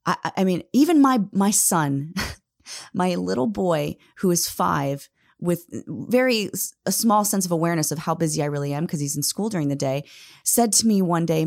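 A woman's voice: medium pitch, lively intonation, moderate pace, creaky, a little mellow. A woman in her thirties giving an earnest, emphatic motivational talk, often addressing listeners directly as "guys.". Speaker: motivational speaker.

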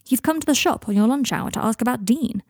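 A woman's voice: on the high side, expressive, quick pace, darkish tone, no echo, studio quality, voice pushed up. A woman reading the part of a puzzled, careful young man in an audiobook fan-fiction reading. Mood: baffled.

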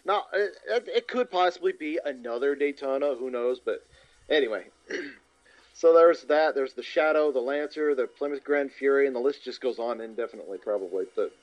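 A man co-hosts a podcast in casual chat, his mid-range voice brisk as he rambles through details and corrects himself along the way. The recording is dull and lo-fi, with faint music behind him.

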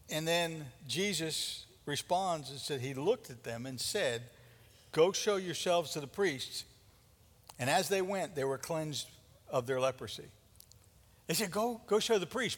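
A fairly high-voiced man preaches with animated, dramatic energy, stumbling and repeating words as he builds his points. His voice rings through a church hall with a long, trailing reverb. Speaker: pastor. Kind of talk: sermon.

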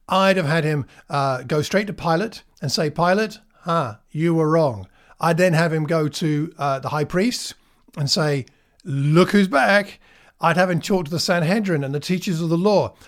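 Reflective man preaching. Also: fairly high pitch. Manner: reflective, conversational, with frequent fillers and slow emphatic pauses. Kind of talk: sermon.

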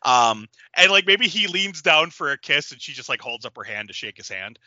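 A man brainstorming a story in casual chat, talking in halting, filler-heavy bursts. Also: a little high, dry recording. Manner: lively, halting, many fillers. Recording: dull lo-fi sound.

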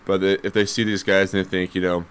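Talking sports in a relaxed way, this man has a low, resonant voice with a fairly bright tone and a flat delivery. He explains his views carefully, hedging and looping back with fillers, and sounds clean and smooth throughout.

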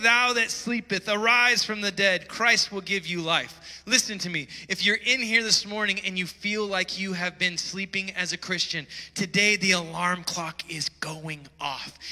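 A pastor preaching a sermon to his church, excitable and getting loud when he is stirred up. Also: high voice. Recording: preaching in a reverberant church hall.

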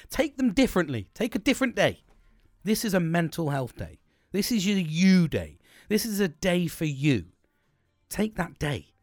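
A man's voice: on the high side, dry recording, clean studio sound. A young man hosting a casual solo podcast, rambling and swearing a lot, laughing often. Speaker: podcast host.

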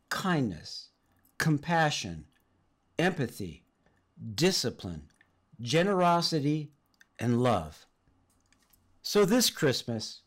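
A middle-aged man from Southern California delivers a sermon, weaving in a personal story. His speech is earnest, and his pitch rises and falls freely. He speaks at an average pitch for a man. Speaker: preacher.

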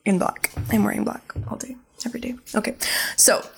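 A woman's voice: a little high, fairly even intonation, a little fast, vocal fry, whispered. A young woman co-hosting a podcast, recapping an episode in a chatty, profane way full of fillers. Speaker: podcast co-host.

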